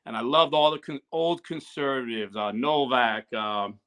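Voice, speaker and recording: A man's voice: medium pitch, measured pace, sharp tone. A man tells stories in a casual interview and acts out the quoted dialogue. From New Jersey. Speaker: guest, YouTuber. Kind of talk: casual storytelling.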